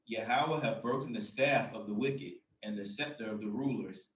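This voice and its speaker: A man's voice: fairly low pitch, normal speed. Man reading scripture, far and echoey. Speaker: scripture reader.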